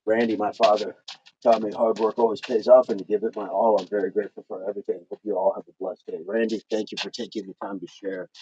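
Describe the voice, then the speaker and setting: Talking fast in a fairly low, dark, slightly rough voice with a flat delivery, a middle-aged man chats casually on an outdoor fitness livestream, reading out viewer comments and counting reps. There's no room sound, just a dull lo-fi recording with faint noise.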